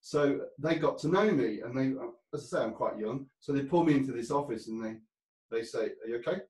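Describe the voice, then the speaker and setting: A man's voice: medium pitch, fairly quick, darkish tone. Guy rambling thru old work stories, laughs a lot, mic a bit far off in an echoey room. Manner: rambling, laughs often, many restarts. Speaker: interview guest. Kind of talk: casual storytelling.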